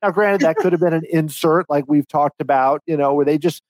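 A man co-hosting a podcast, chatting casually in an animated, rambling way with frequent restarts. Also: fairly high pitch, fairly quick, no room sound, low-quality recording. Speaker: podcast co-host. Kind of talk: casual chat.

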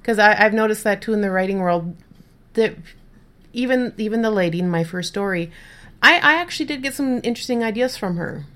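A woman's voice: mid-range voice, a little fast, a bit bright. A woman with a Minnesotan accent, co-hosting a podcast in a casual chat and asking joking, curious questions. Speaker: podcast co-host.

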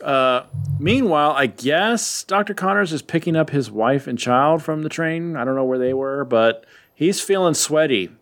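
Man, casual recap host, rambling and playful, mid-pitched voice. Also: a bit bright. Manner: rambling, playful retelling with quick voiced asides. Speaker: podcast host recapping comics. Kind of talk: casual chat.

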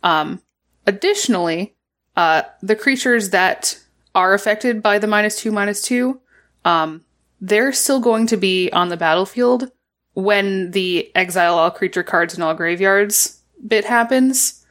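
A woman's voice: medium pitch, fairly bright tone. A woman co-hosting a casual podcast, explaining game rules precisely with many fillers. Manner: precise, measured, filler-heavy. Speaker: podcast co-host.

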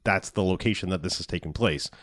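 A man's voice: low-pitched, fast talker, fairly bright tone, no echo, studio quality. A man casually recapping a movie plot in a rambling, profane way, laughing often.

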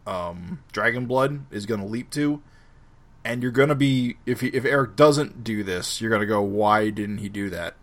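A man co-hosting a podcast, arguing his point carefully and adding context. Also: mid-range voice. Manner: explanatory, argues his point with detail. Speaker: podcast co-host. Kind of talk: casual chat.

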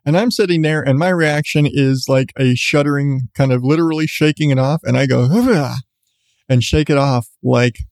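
A man's voice: mid-range voice, steady tone, a little fast, few pauses, a little mellow, dry recording, clean studio sound. A man, host of a podcast, telling a story in a rambling, self-mocking way with frequent restarts. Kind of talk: casual storytelling.

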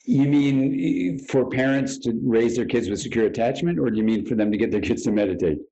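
A man's voice: mid-range voice, brisk, slight background noise. A man, a therapist, talking as an interview guest in a conversational, storytelling way and acting out past conversations. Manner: animated storyteller who acts out past conversations in quotes. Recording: dull, lo-fi audio.

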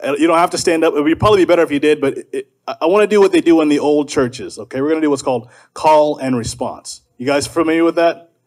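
A man from South Carolina addresses a live gathering like a preacher, fervent and urgent. His voice sits a little higher than most men's. He leads the room in call and response and shouts the refrains. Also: quick pace. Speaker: speaker at a political gathering. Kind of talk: preacher-like speech to a live audience.

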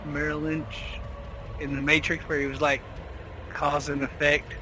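A man's voice: on the high side, monotone, unhurried, over music, poor audio. A man co-hosting a casual chat, telling jokes and acting out goofy voices in his stories. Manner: joking storyteller, acts out silly voices.

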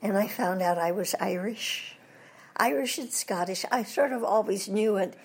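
A woman's voice: medium pitch, moderate pace, husky. An older woman, a voice actress, telling anecdotes in an interview and putting on British voices for jokes. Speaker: voice actress guest. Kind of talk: storytelling interview.

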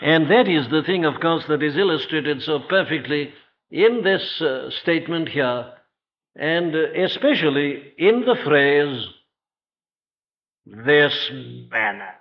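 A man preaching an evening sermon in a church, earnest and rhetorical, putting questions straight to his listeners and slowing down to stress key phrases. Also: on the high side, expressive. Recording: dull lo-fi old sermon recording.

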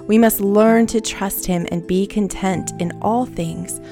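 A woman with a mid-range, unhurried voice leads children through a Bible lesson against soft background music. Gentle and encouraging, she has them repeat a verse back to her in call-and-response, then ends with a prayer.

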